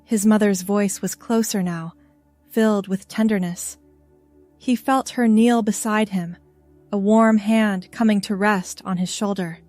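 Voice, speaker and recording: A woman narrates a story in scripted, measured fashion, reading gently. Her pace is very slow and deliberate, and the sound is dry and close, with faint music underneath. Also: medium pitch, fairly even intonation, no echo.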